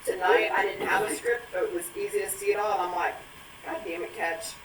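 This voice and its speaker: A woman's voice: mid-range voice, fairly quick. Woman hosting an after-show, cussing and cracking up, roomy echo, kinda far off the mic. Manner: profane, laughing, animated storytelling. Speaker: live stream host. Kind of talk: casual after-show chat. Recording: echoey room, far from mic, faint noise.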